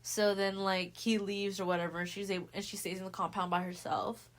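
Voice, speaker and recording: A young woman talking fast and loose as she recaps a book, heavy on slang and swearing. She throws herself into the characters' lines with sudden bursts of voice, keeping a loose, unscripted chat feel. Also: medium pitch. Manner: animated, acts out characters' lines in quick voices. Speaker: podcast host.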